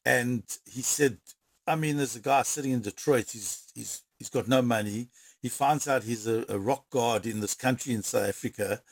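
A man tells a story with energy, often rushing ahead and doubling his words. His pitch sits in a middle range. The sound is dry, with no room echo. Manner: animated storyteller with quick bursts and repeated words. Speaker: interviewee. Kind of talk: storytelling interview.

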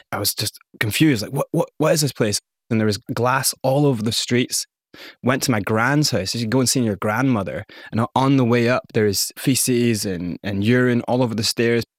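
A man's voice: medium pitch, dry recording, studio quality. A man from Scotland who grew up partly in South Africa, telling his life story candidly and vividly as an interview guest. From Scotland, raised partly in South Africa.

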